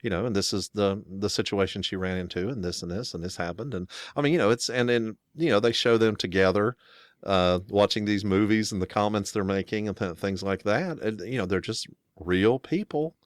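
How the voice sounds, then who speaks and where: A man's voice: fairly low pitch, brisk, no room sound, clean studio sound. An American man co-hosting a casual talk show, rambling with many restarts and fillers. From United States. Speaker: podcast co-host. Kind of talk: casual chat.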